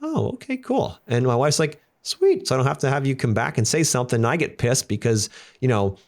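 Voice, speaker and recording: A man hosting a podcast, chatting casually and telling candid, jokey stories about work and home. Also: medium pitch. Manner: candid, jokey storytelling with quick asides. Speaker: podcast host and business owner.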